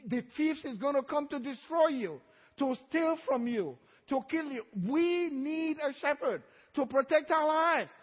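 A man's voice: extremely high pitch, lively intonation, long reverb tail, muffled recording. A man preaching a sermon as pastor, drawing out key phrases and calling on the congregation to answer. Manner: preaching with call-and-response, drawn-out emphatic phrases. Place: church hall.

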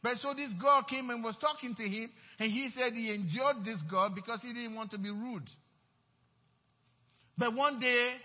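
Very high-pitched, husky preaching man. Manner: emphatic preaching with repeated phrases. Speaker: pastor. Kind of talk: sermon. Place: church. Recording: dull, echoey church hall.

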